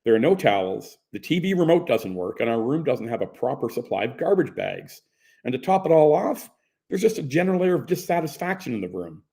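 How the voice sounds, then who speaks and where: A man's voice: medium pitch, very animated, a little fast, warm tone, pitched above the performer's own voice. A man reading the part of a laid-back young man who muses matter-of-factly about economics and life. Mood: mock-formal.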